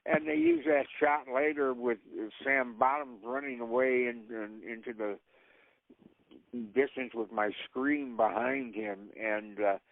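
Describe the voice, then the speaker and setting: A man's voice: mid-range voice, fairly even intonation, slow, dry recording. An older man, an actor, telling rambling anecdotes with frequent laughs. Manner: rambling storyteller who laughs often. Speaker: actor guest. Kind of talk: casual anecdotes. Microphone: phone. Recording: tinny phone line.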